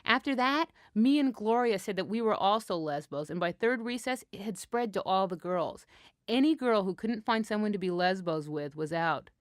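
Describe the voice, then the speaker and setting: A woman telling a first-person story in a frank, wry, deadpan way. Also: medium pitch, normal speed, no echo, studio quality.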